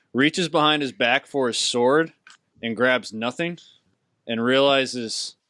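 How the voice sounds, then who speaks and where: A man's voice: medium pitch, a bit bright, no room sound, studio quality. A man running a tabletop game as game master, asking the players what they do. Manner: questioning, plays the monsters himself.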